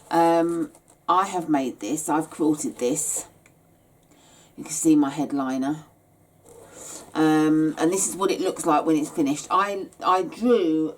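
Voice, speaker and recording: Woman, tired, low and unhurried; rambling craft-tutorial host. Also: darkish tone, a little hiss or hum. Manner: chatty and rambling, many hesitations. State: tired, yawning. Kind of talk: casual step-by-step craft tutorial.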